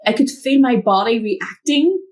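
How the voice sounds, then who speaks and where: A woman mentor, a guest in an interview, telling a personal story from her home office over a video call, acting out the voices in it. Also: a little slow. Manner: animated, acts out quotes with big pitch jumps.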